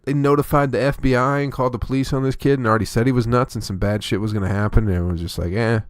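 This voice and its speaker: A man's voice: medium pitch, fairly even intonation, rapid-fire, dry recording, clean studio sound. A man hosting his own comedy podcast, delivering a rambling, profane, opinionated solo rant.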